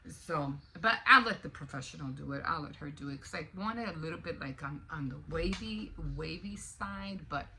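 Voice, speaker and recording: Older American woman, casual vlog chatter, bright tone, faint room hum behind. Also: sits low, moderate pace, hardly any pauses. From United States. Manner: rambling, animated, rising to indignant. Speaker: vlogger. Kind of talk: casual morning chat to camera.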